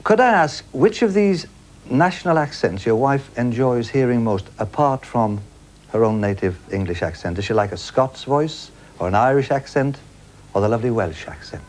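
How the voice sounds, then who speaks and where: A man's voice: mid-range voice, lively intonation, moderate pace. A man hosting a studio game show with a jokey, teasing patter and a studio audience.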